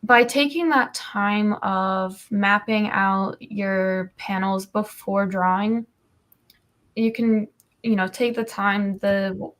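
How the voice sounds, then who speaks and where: A woman's voice: medium pitch, fairly bright tone. A woman comic artist talking casually on a livestream, explaining her process with many ums and you-knows.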